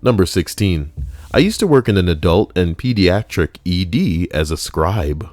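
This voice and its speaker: Man, deep voice, dry close sound, casual story reading, wry joking asides, home stream. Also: animated, moderate pace, a little mellow, dry recording, faint music behind. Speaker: streamer reading online stories.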